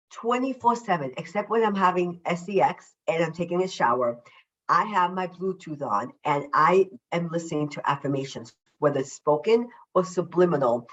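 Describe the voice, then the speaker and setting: Woman, self-love coach, podcast guest, upbeat and emphatic, low-pitched, muffled video-call audio. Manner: deliberately slowing her usual fast speech. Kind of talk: casual podcast interview.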